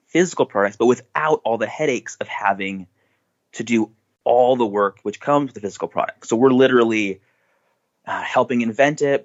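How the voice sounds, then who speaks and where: A man's voice: medium pitch, lo-fi sound. A man being interviewed as a podcast guest, talking in an upbeat, enthusiastic way and laughing easily. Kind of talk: casual interview chat.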